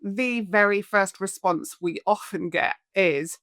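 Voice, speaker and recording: A woman in her forties with a Scottish-tinged English accent, a guest on an interview, telling her story in an animated way and acting out the voices she quotes. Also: medium pitch, slow pace, no room sound, clean studio sound. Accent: Scottish with English influence. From Scotland. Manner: animated, acts out quoted voices, lists things off. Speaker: guest, alcohol coach.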